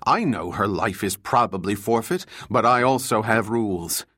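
A man's voice: lowish voice, animated, moderate pace, no room sound, clean studio sound. A male narrator voicing a stern senior intelligence official who speaks firmly and commandingly. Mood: angry. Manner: firm, commanding, shouting when crossed.

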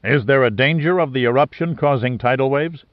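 A man's voice: mid-range voice, brisk, dry recording, lightly acted. A man reading the part of a stern, authoritative older admiral in a story, speaking in a clipped manner. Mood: grave. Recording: dry, slightly dull lo-fi sound.

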